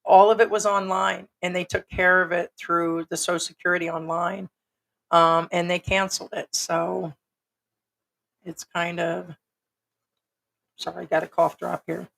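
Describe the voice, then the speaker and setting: A middle-aged woman from the United States, hoarse and raspy from being sick, hosting a casual livestream chat in a frank, rambling way. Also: lowish voice, flat delivery, a little slow, pauses often, a bit bright. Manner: rambling, frank, with many ums. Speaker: livestream host.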